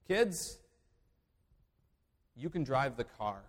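A male pastor preaching a sermon, emphatic, moving between loud declarations and hushed asides. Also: mid-range voice, big pitch swings, very slow, long reverb tail.

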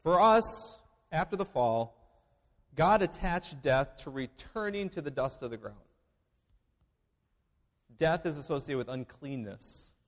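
A male pastor preaching a sermon, emphatic, moving between loud declarations and hushed asides. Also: a little high, animated, a little slow, pauses often, long reverb tail.

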